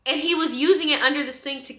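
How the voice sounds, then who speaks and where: A young woman tells a storytime tale in a very bright, sharp voice. She chats animatedly, jumping up high when she gets indignant. Her small apartment kitchen gives the sound a roomy echo. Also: steady tone, fast talker. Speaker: vlogger. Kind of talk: casual storytime chat. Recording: echoey room.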